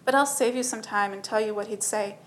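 A woman's voice: mid-range voice, brisk, close to an everyday voice. A woman voicing a laid-back but blunt male supervisor who talks casually. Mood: scolding.

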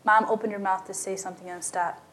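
A woman's voice: mid-range voice, fairly even intonation, fast talker, a bit bright, slight background noise. A woman narrating a story aloud, lightly giving voice to the characters in plain storytelling. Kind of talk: scripted narration.

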